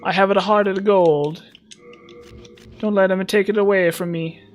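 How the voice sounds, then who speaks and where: A man's voice: high-pitched, very animated, a little fast, a bit bright, soft background music, pitched above the performer's own voice. A man putting on a hammy comic Italian voice. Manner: exaggerated, exclamatory. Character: comic stereotyped Italian man, cheerful and exclaiming.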